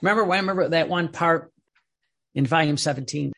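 A man's voice: a little high, fairly quick, gravelly, bright, forceful tone. A man giving a devotional teaching talk, earnest and emphatic, often repeating phrases. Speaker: religious teacher.

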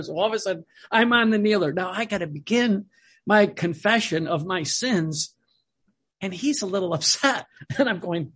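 A man's voice: high voice, expressive, moderate pace, fairly bright tone, husky. A man in his seventies, a priest, telling stories in a rambling sermon with many restarts and chuckles.

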